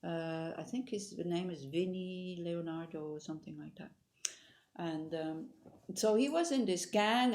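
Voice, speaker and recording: Woman meditation teacher, lowish gravelly voice, rambling storytelling. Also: darkish tone. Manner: informal, meandering, with frequent restarts. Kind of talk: dharma talk with storytelling.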